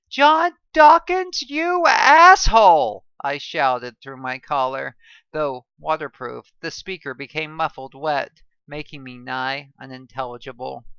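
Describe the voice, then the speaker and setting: Bright, clear-voiced woman reading a novel. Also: very deep voice, no room sound, highs cut off. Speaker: story reader.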